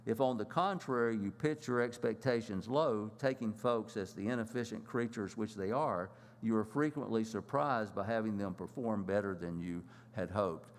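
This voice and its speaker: A man teaching a church lesson in a plain, halting way, with many fillers and restarts. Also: fairly low pitch, big-room sound.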